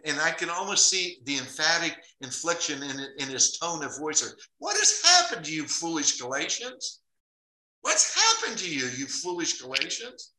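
A man's voice: on the high side, pushed and bright. A man teaching the Bible in a podcast conversation, emphatic, reading verses aloud and repeating them for stress. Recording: echoey room.

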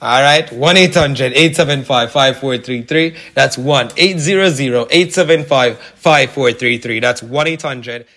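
A man's voice: mid-range voice, unhurried, hardly any pauses, bright, forceful tone. A man putting on a Jamaican patois accent to play a pushy, chatty sales promoter. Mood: salesy. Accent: put-on Jamaican patois. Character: male pitchman in a put-on Jamaican voice.

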